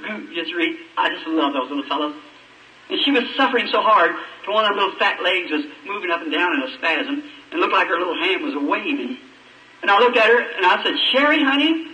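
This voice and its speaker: High, bright-voiced preacher. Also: male voice. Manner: emotional, pleading, voice rising and breaking. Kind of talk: sermon testimony. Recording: echoey archive sermon recording from far off, with faint noise.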